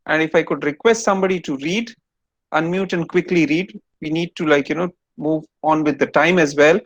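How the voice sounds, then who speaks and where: A man's voice: on the high side, a little fast, no room sound, highs cut off. A man giving an online lecture to students over a video call, explaining step by step and quizzing them.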